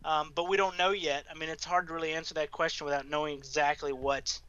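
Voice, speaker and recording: A man's voice: a little high, little pitch movement, fast talker, fairly bright tone, clear, resonant tone, lo-fi sound. A man with a Southern US accent, chatting casually in a panel discussion and often restarting his sentences. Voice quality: hesitant, many restarts.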